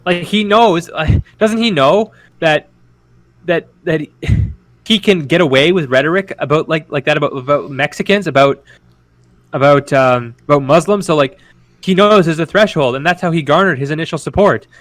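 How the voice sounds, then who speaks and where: A man's voice: on the high side, normal speed, a bit bright. A man co-hosting a podcast in casual political chat, rambling and profane with many restarts. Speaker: podcast co-host.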